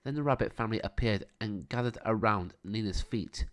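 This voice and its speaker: A man narrating a children's storybook in a calm, steady reading voice. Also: fairly low pitch, brisk.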